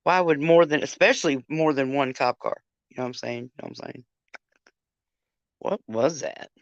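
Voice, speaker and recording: A woman's voice: very deep voice, moderate pace, no echo. An older woman telling a story on a casual livestream, profane and chatty, talking straight to her viewers. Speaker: livestream host. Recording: dull lo-fi sound.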